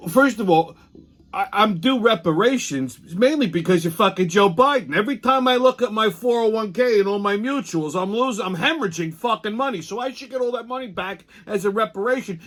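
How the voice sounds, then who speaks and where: A man's voice: sits high, fairly bright tone. A man hosting a show in a casual, rambling monologue, with blunt and profane storytelling. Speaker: host.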